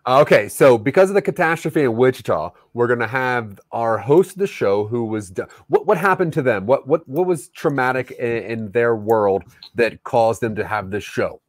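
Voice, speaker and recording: A man of ordinary pitch leads a loose planning chat, firing off short questions to move things along. His voice sounds close and dry, with no room echo. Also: animated. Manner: asks quick prompting questions. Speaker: co-host guiding the planning. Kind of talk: casual brainstorming chat.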